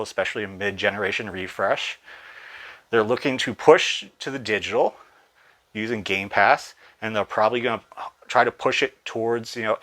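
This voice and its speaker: A man's voice: mid-range voice, a bit bright. A man hosting a gaming channel, giving casual, rambling commentary with many fillers.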